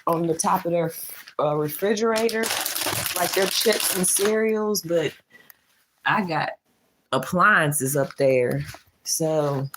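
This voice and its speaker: A woman's voice: lowish voice, very noisy. Chatty woman in her thirties doing chores. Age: 30s. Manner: chatty, candid, talks to viewers as y'all. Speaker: vlogger. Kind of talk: casual chat while doing chores. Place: at home in a small apartment kitchen.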